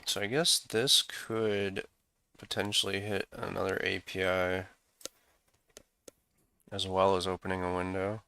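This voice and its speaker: A man's voice: low-pitched, little pitch movement, a little slow, gravelly, long pauses, sharp tone, clean tone, no echo. A man talking through his programming work in a casual coding walkthrough, thinking aloud as he goes. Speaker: programmer screencasting code.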